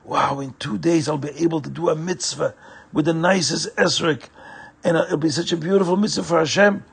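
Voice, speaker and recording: A man's voice: a little high, steady tone, a little fast, vocal fry, husky, exaggerated voice. A man doing a humble, eager poor man. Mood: delighted. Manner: eager, stammering when flustered.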